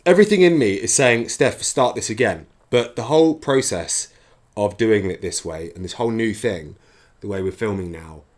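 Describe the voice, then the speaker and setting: A man rambles through a relaxed home-office podcast, poking fun at himself. His speech is slightly shaped by a dental brace. His pitch swings widely as he talks. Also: moderate pace. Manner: rambling, self-deprecating. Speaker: podcast host. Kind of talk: casual chat. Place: hot upstairs home office.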